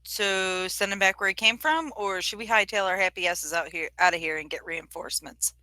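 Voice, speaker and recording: A woman's voice: medium pitch, a little fast, bright, forceful tone, no echo. A woman playing a tabletop game, brash and joking. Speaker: player. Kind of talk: casual tabletop play.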